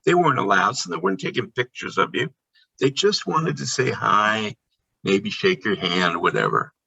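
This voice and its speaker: A man guesting on a podcast with a low, gravelly, slightly husky voice that swings widely in pitch. He tells candid stories in a lively, casual way. The audio is dull and lo-fi. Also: normal speed. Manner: animated, candid storytelling. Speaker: podcast guest, theme park performer. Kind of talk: casual storytelling chat.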